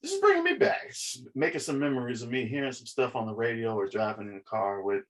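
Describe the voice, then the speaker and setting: A man's voice: medium pitch, fast talker. A man co-hosting a podcast in casual chat, telling stories with lots of laughter. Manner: laughs often, animated storytelling. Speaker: podcast co-host.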